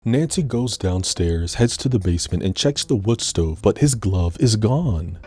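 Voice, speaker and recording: A man hosting a casual movie recap, animated and full of joking asides. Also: fairly low pitch, a little slow, breathy edge, no room sound, clean studio sound. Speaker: host.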